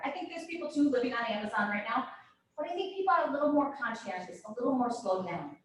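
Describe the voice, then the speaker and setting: Middle-aged woman, motivational speaker, fairly high voice, distant mic in a very echoey room. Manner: asks the audience many questions. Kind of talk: motivational talk to an audience. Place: room with a live audience. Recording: roomy echo from far off.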